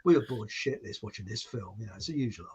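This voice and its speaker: A man's voice: lowish voice, animated, fast talker, a little mellow, dull audio. A man from England, hosting a podcast and telling a story in a rambling, jokey way full of asides. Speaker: podcast host. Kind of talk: casual storytelling chat.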